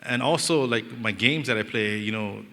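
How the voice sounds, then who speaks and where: Bright-voiced pastor with a Hawaiian Pidgin lilt. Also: male voice, fairly low pitch, normal speed. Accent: Hawaiian Pidgin-inflected English. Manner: animated, joking, acts out quoted voices. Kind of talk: storytelling sermon. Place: church hall. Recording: long reverb of a church hall.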